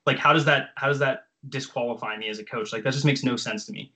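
A man's voice: medium pitch, fast, sharp tone, poor audio. A man in his twenties, a coach, telling his story in casual, profane, filler-heavy chat. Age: 20s. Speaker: jump training coach.

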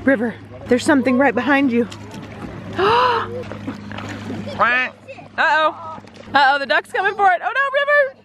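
A woman's voice: high-pitched, big pitch swings, slow, pauses often. Sing-song mother cooing at her baby. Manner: sing-song baby talk, laughs often. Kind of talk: casual family vlog chat. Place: outdoor lakeside beach. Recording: outdoor crowd and noise.

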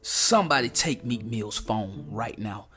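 A man's voice: fairly low pitch, lively intonation, a little slow, pushed and bright, faint music behind. A man hosting a reaction video, talking in slangy, casual commentary straight to his viewers.

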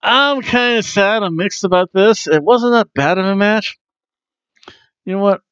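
A man's voice: sits high, measured pace, fairly bright tone, smooth, dry recording, highs cut off. Chatty, jokey man reviewing wrestling. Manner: chatty and jokey, with frequent ums. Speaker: wrestling review podcast host. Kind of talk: casual review chat.

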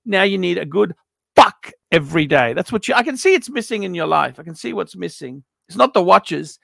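A man's voice: high voice, expressive, a little fast, vocal fry, bright, forceful tone, no echo, clean studio sound. A middle-aged man giving a blunt, profane, ranting review of a viewer's watch collection. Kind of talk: unscripted paid review monologue.

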